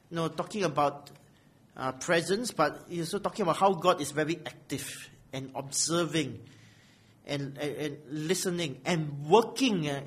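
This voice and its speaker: A man's voice: on the high side, a bit bright, breathy edge. A man preaching an expository sermon in a small church room, often asking "right?" and swelling on key phrases. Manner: questioning, often asks "right?".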